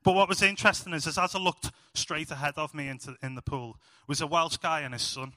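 Young guy giving a casual sermon, bright voice, telling funny stories on himself. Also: fairly high pitch, a little fast, no echo, long reverb tail. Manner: chatty, self-mocking storytelling with animated asides. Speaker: preacher.

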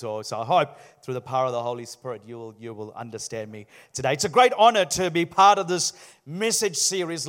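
A man from New Zealand with a Sri Lankan Kiwi accent, a jovial guest preacher giving a sermon. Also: sits high. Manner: jovial, playful with the crowd.

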